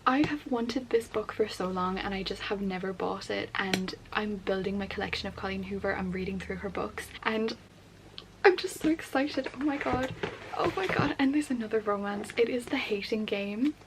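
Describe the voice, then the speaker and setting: A young woman chatting in a casual book vlog, gushing and excitable, often dropping to a soft near-whisper. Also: mid-range voice, normal speed, background noise. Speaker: book vlogger. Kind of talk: casual reading vlog chat.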